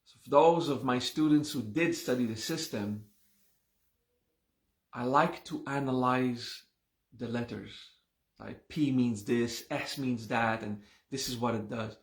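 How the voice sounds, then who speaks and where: A man teaching a live class, slowly and patiently explaining word meanings, checking in often with his students. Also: mid-range voice, reverberant. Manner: slow, explains patiently with repeated "okay?".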